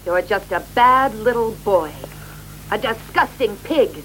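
A woman's voice: mid-range voice, lively intonation, measured pace, a bit bright, a little hiss or hum, poor audio. An actress voicing a cruel, domineering woman in dubbed film dialogue, taunting and commanding.

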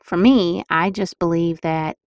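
A woman's voice: on the low side, steady tone, unhurried, darkish tone, no room sound, studio quality. A middle-aged woman hosting a podcast, talking in a chatty, emphatic and upbeat way as she gives casual motivational advice. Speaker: podcast host.

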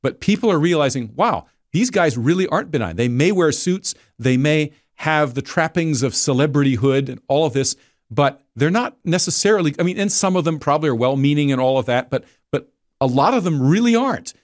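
A man's voice: a little high, expressive, brisk, no room sound, studio quality. A man speaking as a guest editor in a casual discussion, digressive and often repeating words as he restarts.

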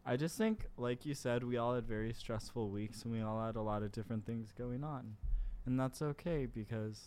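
A man's voice: medium pitch, moderate pace, a little mellow. A young college man speaking in a laid-back, reflective way during a casual podcast chat. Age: young adult.

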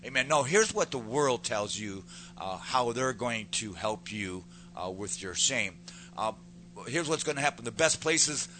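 A man's voice: medium pitch, bright, forceful tone, slight background noise. A man preaching a sermon with fervent emphasis, repeating words to stress his points.

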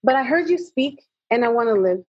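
A middle-aged woman, a motivational speaker guesting on an interview, recounts her personal story fairly quickly in a fairly high, slightly rough voice. She animatedly performs the dialogue, and the recording is dull, lo-fi, and echo-free.

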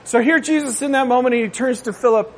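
Casting note: high-pitched male pastor, chatty sermon, joking asides, keeps asking the crowd if they agree. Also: fast talker, slight background noise. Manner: conversational, asks the crowd "right?"; jokey asides.

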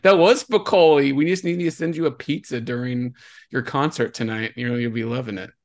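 A man's voice: mid-range voice, steady tone, a little fast, a little mellow. A man hosting a podcast in casual chat, upbeat and jokey, laughing often. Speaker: podcast host. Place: Texas.

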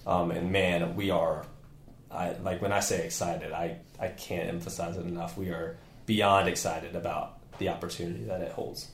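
Guesting on a casual podcast interview, a physical therapy clinic owner talks with energy, rambling and full of fillers and restarts. He has a deep voice at a moderate pace, heard in a reverberant space with slight background noise.

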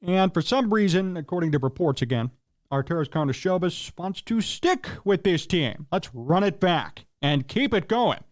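Sports radio guy, high voice, ranting and fed up, dead dry mic. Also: animated, moderate pace, dry recording. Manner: opinionated, exasperated rants with rhetorical questions. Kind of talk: solo sports talk commentary.

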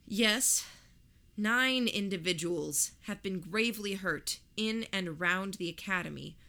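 A woman voicing a short, plump male politician who projects to a crowd in a rushed, reassuring manner. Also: mid-range voice, sharp tone. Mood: projecting reassurance. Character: short plump male politician, practiced loud public speaker.

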